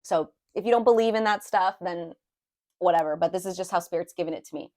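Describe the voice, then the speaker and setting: A woman's voice: fairly low pitch, fast talker, a little mellow. A woman giving a casual spoken tarot reading, rambling and confiding, with many fillers and restarts, openly emotional as she talks about her own feelings. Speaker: tarot reader.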